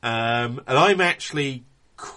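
Man, bright tense tone, measured, casual film chat. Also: mid-range voice, expressive. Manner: measured, defends the film thoughtfully. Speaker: podcast co-host.

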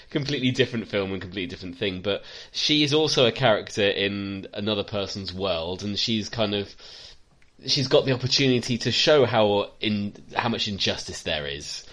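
A man's voice: lowish voice, moderate pace, a bit bright. A man co-hosting a casual film podcast, sardonic and prone to acting out scenes in silly voices. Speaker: podcast co-host. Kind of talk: casual film review chat.

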